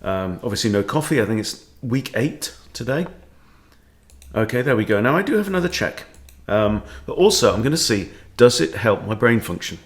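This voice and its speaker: A man's voice: mid-range voice, lively intonation, normal speed. A man, a chess coach, commenting on his own game as he plays, thinking aloud and tossing in playful quips.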